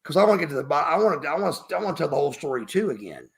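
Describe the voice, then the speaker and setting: A man's voice: fairly high pitch, sing-song, very fast, gravelly. A middle-aged man, emphatic and profane, telling a story as a podcast guest. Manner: emphatic, profane, refers to himself by name. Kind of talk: storytelling interview.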